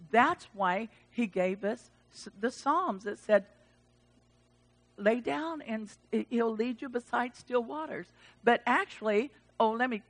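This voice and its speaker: Woman preacher, bright higher voice, animated sermon, loud bursts and quiet asides. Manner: animated, swings from loud exclamations to hushed asides; acts out quoted voices of God and Elijah.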